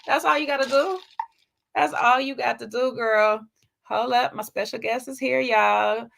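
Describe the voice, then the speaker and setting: A woman with a Southern US twang hosting a casual, slangy recap of a reality TV show, chatty and quick to laugh. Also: a little high, steady tone, vocal fry, a bit bright, a little hiss or hum. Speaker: host.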